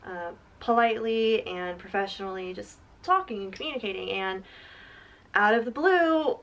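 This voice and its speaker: A woman telling a lively story as a guest in a casual chat, acting out quotes with laughs. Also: mid-range voice, normal speed, gravelly, highs cut off. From half American, half German. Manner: animated, acts out quotes, laughs often. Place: at home.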